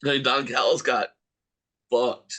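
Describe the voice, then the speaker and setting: A man's voice: mid-range voice, steady tone, takes it slowly, sharp tone. A young man with a mid-range voice co-hosts a podcast. He talks in casual banter, laughs easily and swears freely while teasing his co-host. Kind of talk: casual chat.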